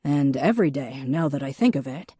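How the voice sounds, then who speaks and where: A woman's voice: very deep voice, animated, a little fast, warm tone, slightly rough, dry recording, full character voice. A woman voicing a dry, wry adult man in an audiobook.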